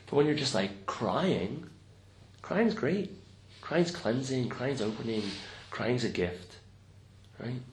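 A man with a mid-range voice and lively intonation speaks slowly as he guides a group in meditation. The tone is informal and reflective, with "right?" tagged onto many sentences as a check-in. It's a roomy recording with faint noise.

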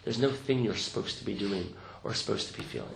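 Speaking quickly in a lowish, gravelly voice, a man teaches meditation to a group. He stays reflective and conversational, frequently adding "right?" to his sentences. It was captured in a roomy space with faint noise.

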